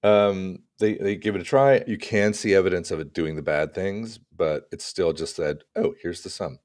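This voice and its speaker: A man co-hosting a casual tech podcast, talking through examples in an animated way with acted-out asides. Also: sits low, normal speed. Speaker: podcast co-host.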